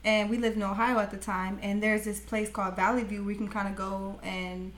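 A woman's voice: mid-range voice, flat delivery, brisk. Chatty young woman telling a story. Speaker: podcast co-host. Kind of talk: casual storytelling.

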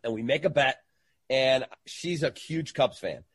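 A middle-aged man recounts a story as a guest, throwing himself into it and mimicking everyone he quotes. His voice is husky and slightly rough at the edges. The sound is dry and close, with no room around it. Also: medium pitch, unhurried, dry recording. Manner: animated storyteller who acts out quoted voices. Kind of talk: storytelling in an interview.

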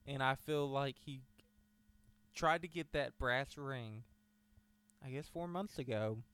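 A man in casual chat, rambling and animated as he talks wrestling with a friend. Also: mid-range voice, slow, smooth.

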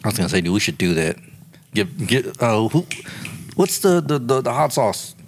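A man's voice: medium pitch, big pitch swings, moderate pace, a little hiss or hum. A man co-hosting a podcast in casual, crude banter, joking and laughing often. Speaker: podcast co-host.

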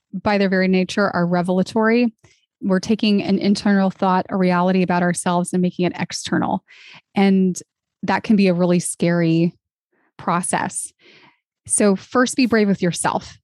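A woman's voice: medium pitch, normal speed, no room sound. Woman on a podcast, earnest and encouraging, dry close sound. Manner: earnest and encouraging, animated when quoting others. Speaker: podcast guest, vocalist and arts nonprofit founder. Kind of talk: conversational interview.

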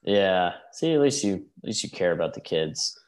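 A man co-hosting a podcast, relaxed and joking crudely while he watches a wrestling match, laughing often. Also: sits low, moderate pace. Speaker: podcast co-host. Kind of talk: casual watchalong chat.

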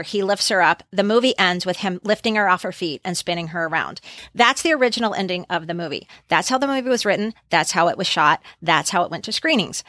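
A woman's voice: mid-range voice, bright, forceful tone, no echo, studio quality. A woman hosting a casual movie podcast, animatedly retelling scenes for her co-hosts. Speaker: podcast host.

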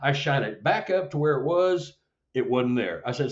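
A middle-aged man telling a story as an interview guest, acting out the dialogue with lively jumps in his voice. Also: moderate pace. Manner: animated, acts out dialogue with rising pitch. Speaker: Sasquatch investigator, guest. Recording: dull lo-fi audio.

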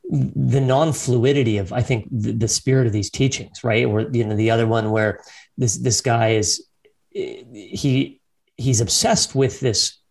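Podcast host guy, easygoing and a bit rambly, mid pitch. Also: measured pace, gravelly. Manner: relaxed, rambling, hesitant paraphrasing with small laughs. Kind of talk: casual conversation.

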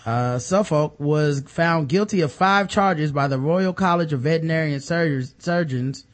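Male podcast co-host, slightly high voice, dry sarcastic humor over news items. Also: measured pace. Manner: sarcastic, deadpan joking. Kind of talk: casual comedic news commentary.

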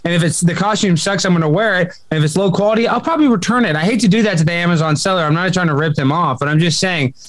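A man talking as a comedian guest on a podcast, in jokey, excitable rants. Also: high-pitched, very fast, hardly any pauses. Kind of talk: casual podcast chat.

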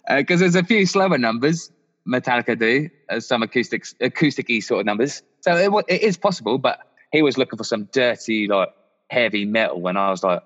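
A man's voice: mid-range voice, animated, brisk, a bit bright. A man in his thirties, a guest musician telling a story in casual chat with a lot of laughing. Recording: muffled, echoey room.

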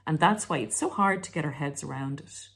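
A woman's voice: sits low, brisk, gravelly, husky. A woman host talking through relationship advice in a casual monologue, sarcastic at times. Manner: sarcastic, acts out mocking quoted voices. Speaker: self-help video host.

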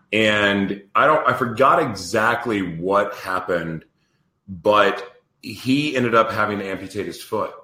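A man hosting an interview show, talking in an animated, rambling way and laughing easily. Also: on the low side, echoey room. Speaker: host. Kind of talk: casual interview chat.

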